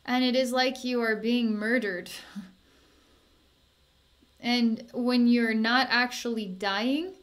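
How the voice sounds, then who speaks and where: Slow, soothing woman psychic healer. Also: fairly high pitch, steady tone. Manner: soft, slow and soothing, with sighs and small laughs. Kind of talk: guided energy healing session.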